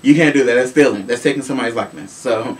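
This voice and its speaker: A man from Chicago hosting a casual celebrity gossip show, sassy and animated, swearing freely. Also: medium pitch, very fast. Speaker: show host. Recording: voice from a distance with faint room noise.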